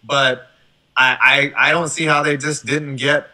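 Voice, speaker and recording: A man hosting a casual sports chat, talking in an animated, profane way and often tossing in "right?". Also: fairly high pitch, measured pace, rough recording. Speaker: show host.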